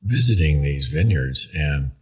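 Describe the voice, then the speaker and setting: Super deep slow guy, husky, takes his time, lots of ums. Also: animated. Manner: measured, unhurried, with many ums. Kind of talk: casual podcast conversation.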